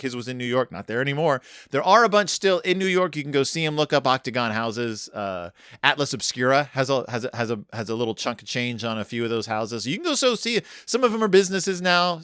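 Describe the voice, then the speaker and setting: A man hosting a podcast in casual, animated chat, with quick asides and self-corrections. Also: medium pitch, smooth, no room sound, studio quality. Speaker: podcast host.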